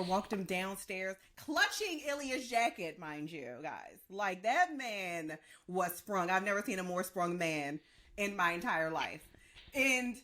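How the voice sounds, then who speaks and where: A woman co-hosting a podcast in casual chat, gushing and animated as she breaks down scenes. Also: medium pitch. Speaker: podcast co-host.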